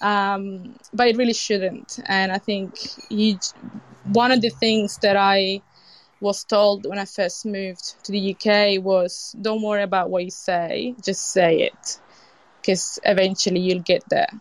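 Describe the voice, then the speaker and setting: A woman from Sicily, a chef with an Italian accent and a British tinge, talking as a guest in a casual interview, lively and expressive with frequent restarts. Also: medium pitch, measured pace, dry recording. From Sicily, Italy. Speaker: chef and event organiser, guest.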